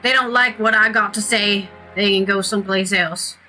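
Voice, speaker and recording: A woman's voice: mid-range voice, steady tone, normal speed, bright, forceful tone, soft background music, close to an everyday voice, low-quality recording. A woman reading out the lines of a surly male street thug from a game. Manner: read aloud from game text.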